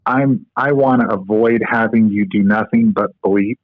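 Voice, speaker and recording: A man's voice: lowish voice, normal speed, no echo. A man who is a guest on a podcast, explaining medical technique step by step and telling stories with plenty of filler words. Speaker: guest, co-inventor of a medical device. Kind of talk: podcast interview. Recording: tinny phone-like line, dry.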